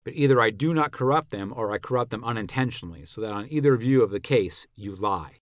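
This man, a podcast narrator, takes the part of an old philosopher on trial in a dramatic reading of a classical dialogue, firing sharp, ironic rhetorical questions at his accuser. His natural voice sits on the low side, animated and fast, with a probing, indignant mood. The recording is dry and close.

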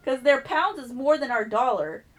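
A woman with a fairly high voice tells a story in relaxed podcast chat. She acts out every exchange and swears freely as she goes. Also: normal speed. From United States. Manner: animated, profane, acts out dialogue.

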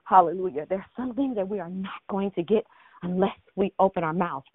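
A woman's voice: mid-range voice, moderate pace, slightly rough, no echo. A woman leading a prayer call, out of breath, speaking in an emphatic, encouraging way. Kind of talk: spirited prayer ministry on a call. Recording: tinny phone line.

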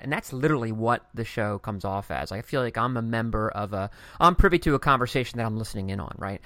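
A man hosts a podcast interview and talks quickly and effusively. He strings his questions out into long run-on thoughts. The sound is dry and close. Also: mid-range voice, expressive, a bit bright, no echo. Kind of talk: casual interview chat.

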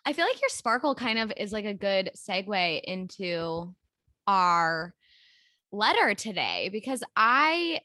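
A woman's voice: medium pitch, very animated, slow, bright, forceful tone, no echo, studio quality. A woman co-hosting a casual podcast, speaking in a supportive, thoughtful, agreeable way. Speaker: podcast co-host and life coach. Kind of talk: casual chat.

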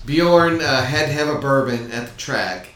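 A man co-hosting a podcast, telling a story in casual chat and pausing often to find his words. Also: medium pitch, expressive, fairly bright tone. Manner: halting, searching for words. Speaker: podcast co-host. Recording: very echoey room, distant mic.

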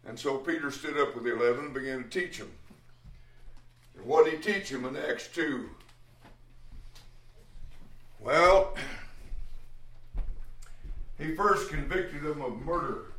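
A man's voice: on the high side, unhurried, pauses often, a bit bright. A man preaching a sermon, emphatic, acting out the quoted speech of others and sometimes restarting a phrase. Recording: echoey room.

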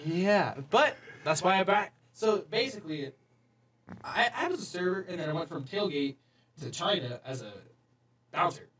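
A man in his twenties with a high, bouncing voice tells stories in a loose, profane way. He sits back from the mic. The room around him adds a roomy echo. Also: normal speed, recorded from a distance. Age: 20s. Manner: laid-back, profane, animated storytelling. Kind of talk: casual chat.

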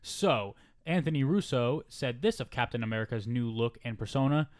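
A man's voice: mid-range voice, normal speed, few pauses, dry recording, studio quality. A man co-hosting a casual podcast, reading out news items and swearing freely as he talks. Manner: animated, swears often, reads out quotes. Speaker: podcast co-host.

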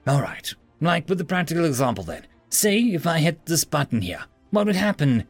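A man doing an excitable, reckless human crewman. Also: on the high side, fairly quick, no echo, faint music behind, pitched above the performer's own voice. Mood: coaxing. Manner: eager, rambling, excitable. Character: reckless, cheerful, thrill-seeking human man.

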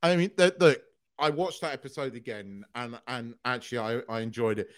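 A man co-hosting a podcast in casual chat, excitable, swearing freely and laughing often. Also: mid-range voice, a little fast, no room sound. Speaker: podcast co-host.

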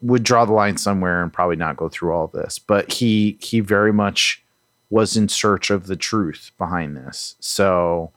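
A man's voice: low voice, normal speed, a bit bright, dry recording, studio quality. A man co-hosting a podcast, musing casually with lots of "you know"s and repeated words. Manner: rambling, reflective, many "you know"s and repeats. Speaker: podcast co-host. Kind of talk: casual chat.

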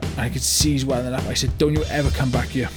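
An actor gives a mock-documentary comedy monologue as a blunt, remorseful older British man who owns a car yard, telling a story in a rueful mood. His male voice is medium-pitched, natural and flat, and he talks fast over music, rambling and peppering it with "you know" and "right?".

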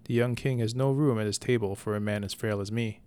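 A man's voice: lowish voice, fairly even intonation, brisk, darkish tone, clean tone, natural voice. A man voicing a frail, chatty old male messenger with a folksy, fussy, nervous way of talking.

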